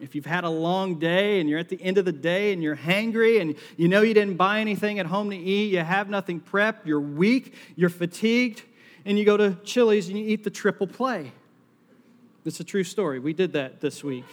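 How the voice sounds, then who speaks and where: A middle-aged man with a Southern US accent preaching a sermon on stage, joking and self-deprecating as he talks to the congregation. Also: high voice. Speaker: pastor. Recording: long hall reverb.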